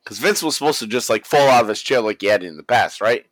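Man, casual recap, profane, animated, dry close sound. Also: mid-range voice, fast talker, no room sound. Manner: animated, swears constantly, acts out quotes. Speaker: wrestling recap host.

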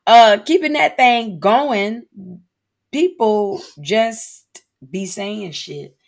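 A woman co-hosting a casual podcast chat, relaxed and drawling, often trailing off. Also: mid-range voice, extremely slow. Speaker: podcast co-host.

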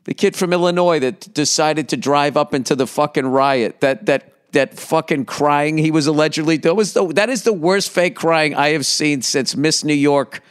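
Smooth-voiced man on a profane comic rant. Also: on the high side, moderate pace, hardly any pauses. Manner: profane, rambling, jumps between asides with mock outrage. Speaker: comedian and podcast host. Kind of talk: casual comedic rant.

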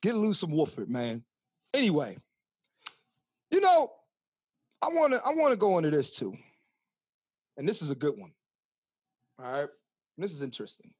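Speaking a little high and husky at normal speed with frequent pauses, this Philadelphia, Pennsylvania podcast co-host in his thirties rants in an animated, profane, preachy way. The casual chat is captured as a dry, clean studio recording.

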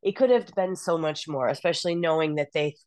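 Low-voiced woman giving frank opinions. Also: brisk, dry recording, studio quality. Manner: frank, animated, sighing opinions. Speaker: podcast co-host. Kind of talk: casual chat.

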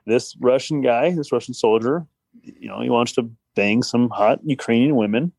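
A man's voice: mid-range voice, moderate pace, creaky, darkish tone, husky, no echo. A man co-hosting a casual podcast, earnestly arguing his point.

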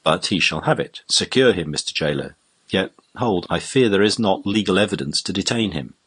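A man voicing a stern, indignant older baronet in an audiobook reading, speaking with a husky voice. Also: low voice, animated, normal speed, fairly bright tone, exaggerated voice. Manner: stern, exclaiming.

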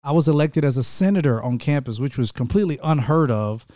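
A man's voice: mid-range voice, a little fast, no echo, clean studio sound. A young man from Georgia, telling his story as a guest in a casual faith-based chat, acting out the people he quotes. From Georgia, USA. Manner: animated, acts out quoted people.

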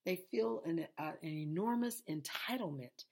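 Woman, lay preacher, sleepy and worn, gravelly husky low voice, loose repetitive delivery. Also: expressive, moderate pace, a little mellow. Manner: repetitive, conversational preaching with restarts. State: tired and sleepy. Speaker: preacher hosting an online Bible lesson. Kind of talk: informal sermon.

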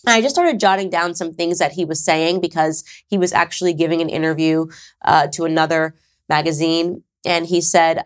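A woman's voice: low-pitched, fairly even intonation, moderate pace. A woman hosting her own talk show, speaking straight to camera in a conversational, emphatic way with sarcastic asides. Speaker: podcast host. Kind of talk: casual monologue to camera.

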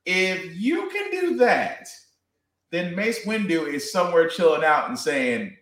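A man co-hosting a podcast in casual chat, excitable and fond of acting out quotes. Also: high voice, roomy sound. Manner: excitable, drawn-out explanations, put-on voices for quotes. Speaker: podcast co-host.

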